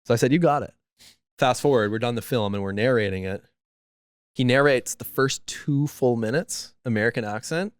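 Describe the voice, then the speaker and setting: A man's voice: medium pitch, fairly quick, smooth, dry recording, clean studio sound. A man co-hosting a podcast in casual chat, telling stories and acting out what people said. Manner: storytelling with lots of acted-out quotes. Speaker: podcast co-host.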